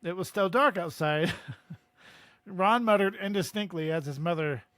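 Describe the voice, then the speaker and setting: A man's voice: sits high, a little slow, a bit bright, a little hiss or hum. A man co-hosting a casual book-discussion podcast, reading passages aloud and laughing often as he goes. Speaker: podcast co-host.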